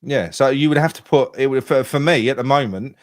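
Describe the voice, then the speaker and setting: A man's voice: medium pitch, brisk, no room sound, clean studio sound. A man hosting a casual football podcast, rambling and restarting his sentences. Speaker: podcast host.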